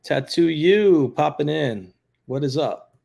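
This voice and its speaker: A man's voice: fairly high pitch, lively intonation, slow pace, creaky, darkish tone. A man, a retired police officer, hosting a casual livestream, talking bluntly and offhandedly as he answers viewer comments. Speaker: retired law enforcement livestream host.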